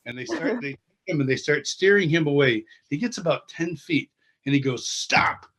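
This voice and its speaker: A man with a fairly high, slightly rough voice tells an animated story as a guest in an interview, speaking a little fast. He voices the characters himself and laughs his way through it.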